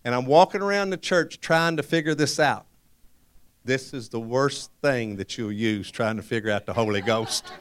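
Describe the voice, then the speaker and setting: A middle-aged man preaching a sermon, telling his testimony in an animated way and laughing often. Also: mid-range voice. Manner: storytelling with frequent laughter, animated.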